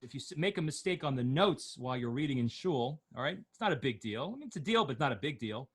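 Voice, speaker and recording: A man teaching an online class, slowly chanting Torah words and notes, then explaining them in quick, joking asides. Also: medium pitch, animated, breathy edge. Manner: jokey, asks questions of the class.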